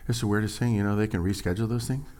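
A middle-aged man preaching as a pastor, conversational and joking with the congregation, acting out quoted lines in a higher, excited voice. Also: rapid-fire, slight background noise. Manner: animated storytelling, acts out quotes in a higher voice. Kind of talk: sermon.

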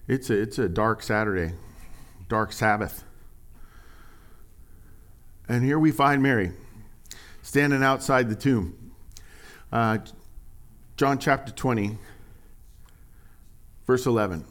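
A man preaching a sermon in a conversational, animated way, reading scripture aloud with rising emphasis. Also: medium pitch, takes it slowly, pauses often. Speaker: pastor.

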